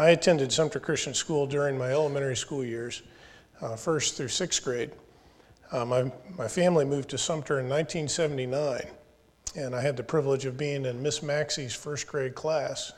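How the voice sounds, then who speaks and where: A man in his forties gives a commencement address in a school or church hall, earnest and folksy in manner and joking with the graduates. His voice is mid-range, and the recording has a big-room sound.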